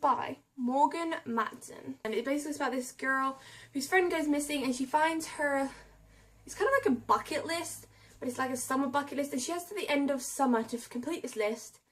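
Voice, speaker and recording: A young book vlogger with a high voice chats fairly quickly and casually about books she bought. Reading the blurbs aloud, she keeps stumbling over names and difficult words.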